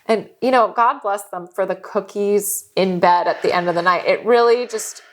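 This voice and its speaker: A woman's voice: mid-range voice, moderate pace. A woman co-hosting a podcast, telling stories in casual chat, candid and profane, often laughing as she talks. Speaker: podcast co-host.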